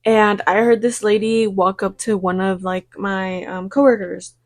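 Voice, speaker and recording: A woman's voice: medium pitch, fairly even intonation, unhurried. A young woman, chatting and telling rambling work stories while getting ready, swearing freely and acting out her own replies. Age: young adult. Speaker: vlogger. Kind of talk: get-ready-with-me storytime chat.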